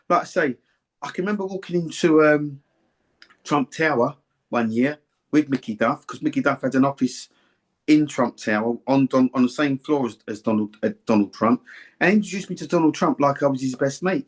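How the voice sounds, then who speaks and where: An older man, a former boxer, telling rambling, warm-hearted anecdotes in an interview and often repeating himself. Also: medium pitch. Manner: rambling, anecdotal, repeats words and "do you see what I mean". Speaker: former boxer and boxing pundit. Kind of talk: reminiscing interview chat.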